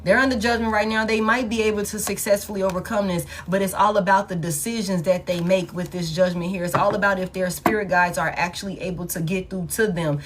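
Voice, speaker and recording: A woman's voice: lowish voice, fairly even intonation, fairly quick, few pauses, a little hiss or hum. A woman giving a collective love tarot reading in a blunt, profane and emphatic way, repeating phrases for emphasis. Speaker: tarot reader.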